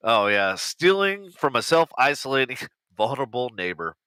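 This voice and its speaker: A man's voice: mid-range voice, big pitch swings, normal speed, pushed and bright, clear, resonant tone, no echo. A man co-hosting a podcast, reading posts aloud in casual chat, swearing freely and laughing along. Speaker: podcast co-host.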